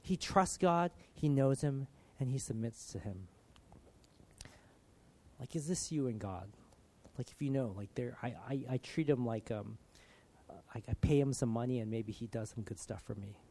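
A man giving an informal, conversational sermon, earnest and full of casual filler, swinging from loud emphasis down to soft, hushed lines. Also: mid-range voice, normal speed, long pauses. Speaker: preacher.

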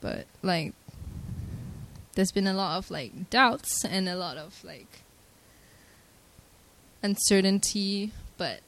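A young woman from Malaysia, giving an earnest and softly emotional personal faith testimony at a church gathering, hesitant and full of filler words. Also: mid-range voice, expressive, slow pace, pauses often.

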